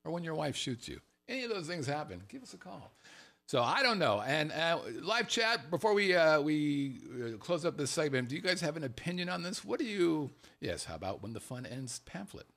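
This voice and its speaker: Male talk show host, lively swinging pitch, salty and animated, slips into voices for quotes. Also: brisk, gravelly. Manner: animated, swearing, acts out quotes in funny voices. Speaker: podcast host. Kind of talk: casual chat show talk. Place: Las Vegas.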